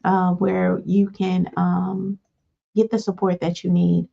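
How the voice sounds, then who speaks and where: Gravelly woman giving a life lesson. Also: on the low side, slow pace, slight background noise. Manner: repeats "all right" between points, acts out calm replies. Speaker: life coach. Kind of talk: motivational teaching talk. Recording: dull lo-fi sound.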